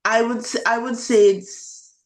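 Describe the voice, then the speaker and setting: A woman with a Trinidadian accent, a teacher chatting in an interview, animated and quick in bursts, with many fillers. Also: fairly high pitch. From Trinidad and Tobago. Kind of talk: casual interview chat. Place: living in Shanghai.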